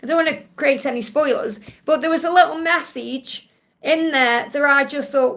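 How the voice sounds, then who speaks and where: A woman with a Stoke-on-Trent accent answers viewers' questions on a live spiritual stream. Her voice sits high and has a gravelly rasp to it. She keeps a soothing, reassuring tone and often tags her points with "okay?". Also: moderate pace, a bit bright. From England.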